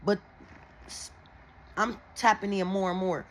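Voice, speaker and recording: A woman retelling a dream in a loose, swearing, animated way, with a faint hiss of noise behind her voice. Her pitch sits in the middle range for a woman. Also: a little slow, low-quality recording. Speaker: tarot and oracle reader. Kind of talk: casual storytelling to viewers.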